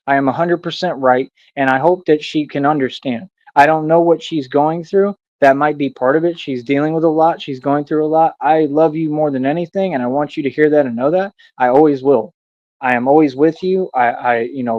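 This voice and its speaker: A man's voice: a little high, a little mellow, no echo. A man hosting his own livestream, delivering a rambling, boastful and preachy monologue that talks down to his viewers. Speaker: livestream host. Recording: dull lo-fi stream audio.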